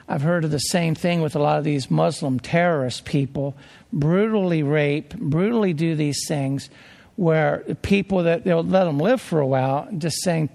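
Male pastor, high gravelly voice, emphatic sermon delivery, long reverb. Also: normal speed, a little mellow. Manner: emphatic, restarts phrases, drops low for grim details.

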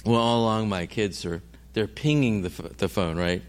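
A man's voice: on the low side, normal speed, smooth. A middle-aged man, a missionary preacher, telling a story in a sermon and acting out every voice in it.

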